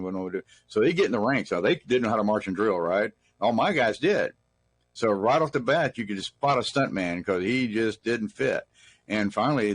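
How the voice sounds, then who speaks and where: A middle-aged man from Texas, telling rambling, folksy stories as an interview guest. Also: on the low side. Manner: rambling, folksy anecdotes with restarts. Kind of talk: casual storytelling in an interview.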